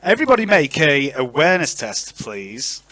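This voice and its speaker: A man narrating a tabletop role-playing game as game master, in an animated and chatty way. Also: a little high, normal speed, no echo.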